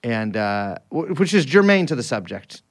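A man hosting a podcast in loose, casual conversation. He rambles and restarts his sentences often, with a voice of middling pitch. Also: sing-song, moderate pace. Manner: chatty, rambling with frequent restarts and fillers. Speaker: podcast host.

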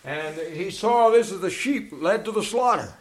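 A man preaching a sermon as pastor, fervent, swinging from loud declarations to hushed asides, and reading passages aloud. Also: sits high, animated, moderate pace. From England. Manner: reads passages aloud from books.

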